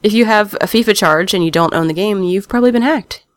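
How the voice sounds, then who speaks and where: A woman's voice: medium pitch, fast talker, dry recording. A woman hosting a gaming podcast, reading the news of the week with wry asides and laughing often. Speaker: podcast host.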